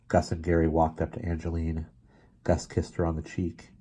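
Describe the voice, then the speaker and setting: A man reading a children's novel aloud in a quiet, measured way. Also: flat delivery, slightly rough. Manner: quiet, measured, drops low for sad moments. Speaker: reader.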